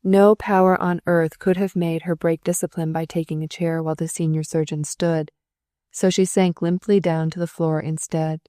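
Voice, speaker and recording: A woman narrates an audiobook in a measured, expressive way. Her voice is lowish and mellow. It is recorded close and dry, with no room sound. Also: clear, resonant tone, no room sound. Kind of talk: storybook narration.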